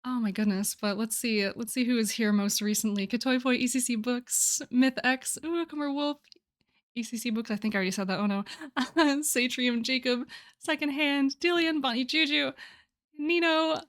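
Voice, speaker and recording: A woman's voice: fairly high pitch, normal speed, fairly bright tone. A young woman hosting her live stream, chatting casually, bubbly and a little flustered, laughing often. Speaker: livestream host.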